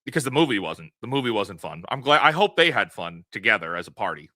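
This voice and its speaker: A man from New York with a New York accent, co-hosting a podcast in an animated, excitable casual chat. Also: fairly low pitch, quick pace, no echo. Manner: animated, excitable, laughs often. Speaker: podcast co-host.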